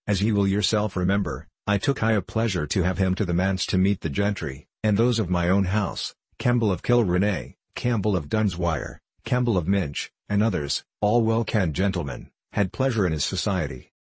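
A man voicing an elderly, kindly, preachy country minister in a storybook reading, speaking in a solemn, measured, old-fashioned way. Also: low-pitched, animated, a little mellow, slightly rough, no echo. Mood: earnest counsel.

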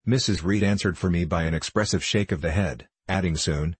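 A man narrating a classic novel in a measured, formal reading. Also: sits low, slightly rough, dry recording. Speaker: audiobook narrator.

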